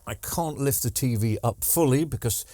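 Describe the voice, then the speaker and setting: A man's voice: medium pitch, moderate pace, warm tone. A man, rambling casually through a TV repair vlog with joking asides and lots of ums. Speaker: TV repair vlogger. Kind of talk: casual chatty workshop vlog.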